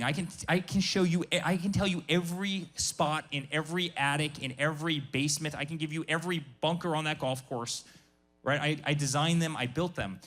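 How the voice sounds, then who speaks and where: A man's voice: on the high side, a bit bright. A man speaking as a guest business founder at a live workshop, emphatic and passionate, often repeating his words.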